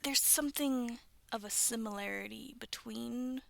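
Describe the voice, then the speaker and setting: A young woman who makes videos reads stories aloud to her viewers in a casual way, speaking a little slowly with a fairly high pitch and vocal fry. She stumbles over the text and keeps breaking off for chatty, self-mocking asides.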